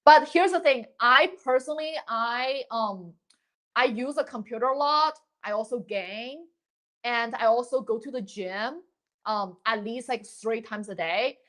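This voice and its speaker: A woman's voice: fairly high pitch, measured pace, a bit bright. Young female streamer; upbeat, rambling, filler-heavy casual advice. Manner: rambling, many fillers and restarts; chatty, upbeat, thanks viewers. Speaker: livestreaming dating advice creator. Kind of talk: casual livestream chat.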